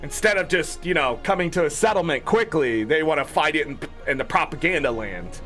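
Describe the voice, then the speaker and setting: A man's voice: expressive, brisk, fairly bright tone, soft background music. A man ranting angrily to viewers, swearing freely and mocking the people he disagrees with. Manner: angry, profane ranting; mocking quoted voices in lower tones. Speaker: gaming streamer. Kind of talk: ranting commentary.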